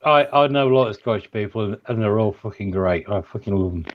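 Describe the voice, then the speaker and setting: A man's voice: on the low side, brisk, muffled recording. A man chatting casually as a stream guest, friendly and stumbling, swearing now and then. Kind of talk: casual chat. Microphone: phone.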